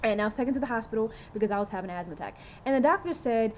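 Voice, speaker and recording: A woman's voice: a little high, lively intonation, rapid-fire, hardly any pauses, highs cut off, a little hiss or hum. A woman in her twenties talking straight to camera in a rambling, earnest way, full of fillers and rhetorical questions. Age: 20s. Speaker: vlogger. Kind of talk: casual to-camera monologue.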